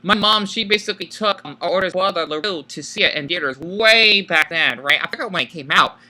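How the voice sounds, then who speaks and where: A man talks through a film in a loose, casual commentary. His voice is very bright and sharp-edged. He keeps a flat, monotone delivery, pausing often and leaning on filler words. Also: high voice. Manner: self-described monotone, hesitant with many fillers. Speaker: video creator.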